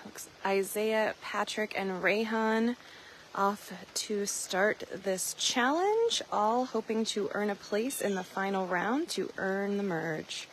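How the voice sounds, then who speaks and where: A woman commentating on a challenge, describing the players in a relaxed play-by-play. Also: mid-range voice, slow pace, slight background noise, poor audio.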